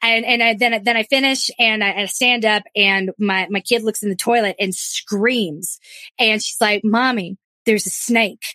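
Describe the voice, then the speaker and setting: Woman telling a lively anecdote, dry sound. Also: mid-range voice, no echo. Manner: lively anecdotal, quick with many restarts. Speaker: podcast co-host. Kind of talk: casual storytelling chat.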